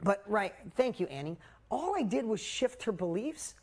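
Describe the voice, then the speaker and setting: A man in his forties coaching a live group via video call tells a personal story, candid and animated, with casual swearing. He speaks at a moderate pace in a voice that sits high.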